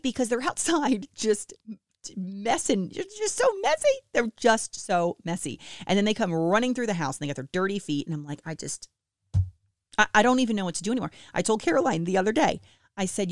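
A woman in her thirties chatting casually and self-deprecatingly to listeners about family life, with lively swings in her voice. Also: on the low side, dry recording, studio quality. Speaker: mom sharing family updates with listeners. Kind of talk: casual chat.

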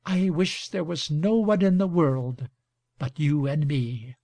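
A man's voice: a little high, fairly even intonation, takes it slowly, dark tone, no room sound. A man reading aloud and voicing an eager, affectionate young woman who talks in a breathless, coaxing, playful way. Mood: pleading.

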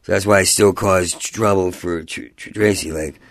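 Man, heavy stutter, rambling, gravelly, dry close sound. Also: low-pitched, steady tone, moderate pace, no room sound. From New Jersey. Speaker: guest comedian. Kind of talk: casual interview chat.

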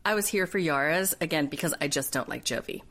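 A woman co-hosting a podcast, casually recapping a reality show in animated retellings and quoting people in put-on voices. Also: sits low, quick pace. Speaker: podcast co-host.

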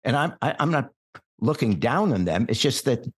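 An older man, a podcast guest born in England, telling long stories in a relaxed, wry conversational way. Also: medium pitch, normal speed, breathy edge. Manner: relaxed anecdotal storyteller, wry asides. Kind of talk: storytelling in conversation.

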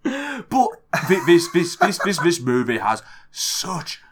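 A man co-hosting a casual movie podcast, giving short reactions and swearing when he gets excited. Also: sits high, takes it slowly, slightly rough. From England. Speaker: podcast co-host. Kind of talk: casual movie review chat.

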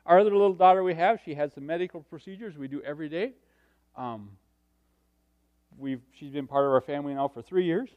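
Middle-aged male preacher, high-pitched, animated storytelling, quiet asides to loud peaks. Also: brisk, muffled recording. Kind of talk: sermon with personal stories.

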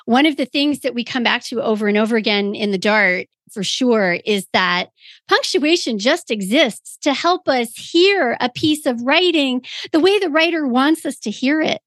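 A woman's voice: sits high, lively intonation, moderate pace, a bit bright, no echo. A woman co-hosting a podcast, chatting enthusiastically and laughing often. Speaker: podcast co-host. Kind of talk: casual chat.

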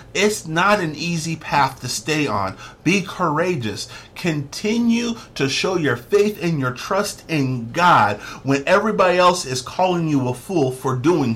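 A male preacher delivers a devotional message with emphatic, insistent conviction. His voice sits high and swings widely in pitch. He often doubles back on a phrase to press the point home. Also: fairly bright tone. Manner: emphatic, repeats phrases for stress; says "get this" often. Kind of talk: devotional sermon to listeners.

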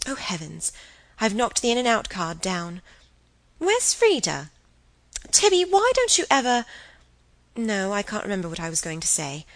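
A woman's voice: medium pitch, huge pitch swings, moderate pace, pauses often, dry recording. A woman voicing an impulsive, scatterbrained young woman who chatters breathlessly in an audiobook. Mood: chattering.

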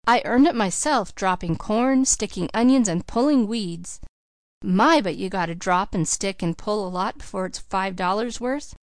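A woman's voice: medium pitch, expressive, normal speed, dry recording, clean studio sound, natural voice. A woman reading the part of an eager, boastful small country boy who chatters in folksy grammar.

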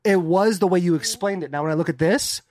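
A man's voice: high voice, fast talker, darkish tone. A man from Arizona co-hosting a casual chat, telling rambling stories full of crude slang. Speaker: podcast co-host.

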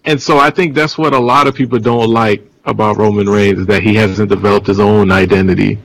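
A man in casual podcast chat, animated and acting out matches in the style of a play-by-play. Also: fairly low pitch, fairly quick, vocal fry, no room sound, low-quality recording.

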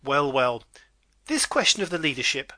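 A man's voice: a little high, very animated, normal speed, pushed and bright, no echo. A man playing a pompous aristocratic lord and father in an amateur drama reading. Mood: blustering.

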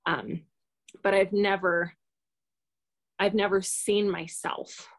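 A woman's voice: medium pitch, fairly even intonation, slow, creaky. A woman guest telling a personal story in a casual, rambling, hesitant way, full of fillers.

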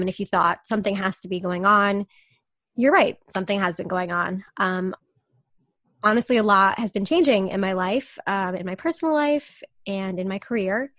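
A woman's voice: medium pitch, fairly bright tone, dry recording. A woman hosts a casual podcast chat, her speech loose and filled with "um" and "like." Her voice sits in the middle of the range. The sound is dry and close to the mic. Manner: chatty, many fillers like "um" and "like". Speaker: podcast co-host.

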